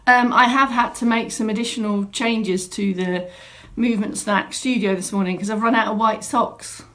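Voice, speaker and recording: This fitness instructor is chatty and welcoming, greeting viewers by name at the start of a live online class streamed from her home studio. She speaks at a measured pace in a fairly high voice with fairly even intonation.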